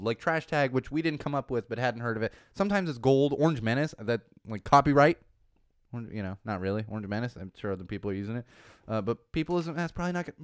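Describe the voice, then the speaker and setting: Male podcast host, lively sarcastic rant, smooth voice, dry close sound. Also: medium pitch, no echo. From California. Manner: animated, sarcastic, rambling with many asides.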